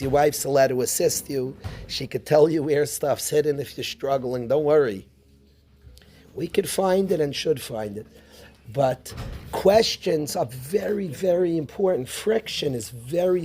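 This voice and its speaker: A man teaching an informal Torah class as a rabbi, animated, firing rhetorical questions and mixing Hebrew terms into his English. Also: a little high, a little hiss or hum.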